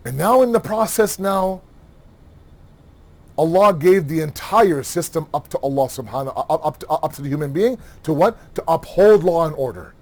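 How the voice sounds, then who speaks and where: A man giving a religious lecture, animated, asking rhetorical questions and acting out everyday dialogue. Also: fairly high pitch, moderate pace. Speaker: Muharram lecturer.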